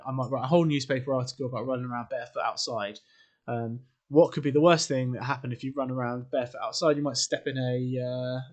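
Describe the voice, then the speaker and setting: A man teaching an English writing lesson to camera, informal and chatty, quizzing the viewer and adding asides. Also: mid-range voice. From England. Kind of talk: classroom lesson video.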